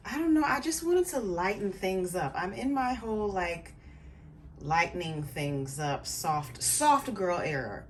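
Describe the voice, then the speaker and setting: A woman's voice: lowish voice, a little slow. Chatty woman vlogger talking to her pet. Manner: animated, playful, talks to her pet and viewers. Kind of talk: casual chatty vlog. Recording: faint background noise.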